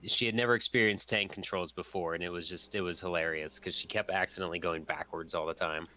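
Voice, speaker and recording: A man's voice: low-pitched, fairly even intonation, fast talker, sharp tone. A man co-hosting a gaming stream, chatting casually and making wry jokes. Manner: wry, joking asides. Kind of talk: casual chat while gaming. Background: game music.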